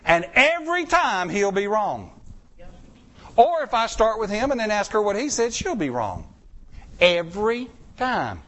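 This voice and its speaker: A man's voice: big pitch swings, a little slow, fairly bright tone. A male pastor preaching a sermon in a folksy, conversational way. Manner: folksy, conversational preaching with wide pitch swings.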